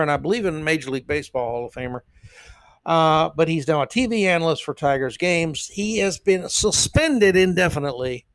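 A man hosting a podcast, giving casual, opinionated commentary that rambles with frequent "uh" pauses. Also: on the high side, no echo. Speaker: podcast host.

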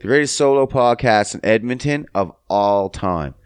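A young adult man from Canada hosting a solo comedy podcast, profane and sing-song, jumping up high for silly bits. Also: lively intonation, normal speed, clean tone, dry recording. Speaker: podcast host.

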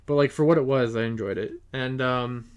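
A young man from New Jersey with a New Jersey accent, hosting a casual podcast chat and telling animated stories. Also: mid-range voice, a little fast, clean tone. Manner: animated, laughing storyteller acting out quotes. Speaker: podcast host.

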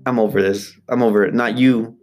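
A man co-hosting a podcast, chatting casually and joking around with quick asides. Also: mid-range voice, fairly even intonation, a little mellow, soft background music. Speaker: podcast co-host. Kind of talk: casual chat.

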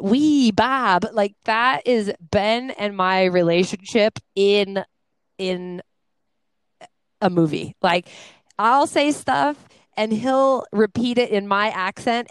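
A woman's voice: medium pitch, smooth, dry recording, poor audio. A woman co-hosting a casual chat, rambling and laughing often, with a slightly nasal voice. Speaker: podcast co-host.

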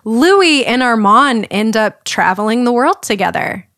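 A woman's voice: a little high, lively intonation, a little slow, a bit bright, no room sound, studio quality. A young woman co-hosting a podcast, chatting casually and laughing often as she recounts a story's plot. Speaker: podcast co-host. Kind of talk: casual chat.

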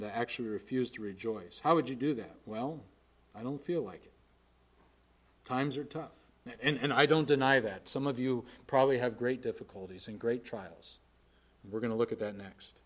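A man preaching a sermon in an earnest, plainspoken way, swinging from forceful emphasis to quiet asides. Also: medium pitch, normal speed.

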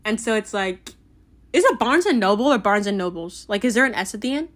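A woman's voice: mid-range voice, expressive, fairly quick, a bit bright. A teenage girl chatting casually about books she loved, rambling and giggly with lots of fillers. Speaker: book vlogger. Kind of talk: casual book review chat.

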